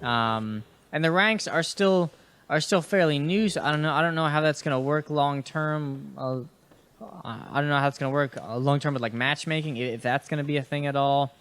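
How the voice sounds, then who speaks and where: A man's voice: on the high side, normal speed, a bit bright, clean tone. A young man hosting a casual gaming podcast, rambling and chatty as he plays, with fillers, restarts and casual swearing. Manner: swears casually and talks to enemies on screen. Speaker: host and gamer. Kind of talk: casual gaming podcast commentary while playing.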